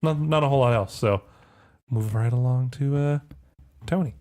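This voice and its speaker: A man's voice: mid-range voice, moderate pace, a little mellow. A young man hosting a podcast, telling rambling stories in casual chat and laughing often. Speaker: podcast host.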